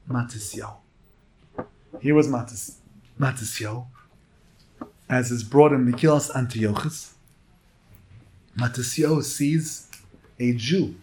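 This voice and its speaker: A man teaching a Torah lecture as a rabbi, emphatic and swinging between hushed and loud phrases. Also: medium pitch. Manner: slow, drawn-out emphasis.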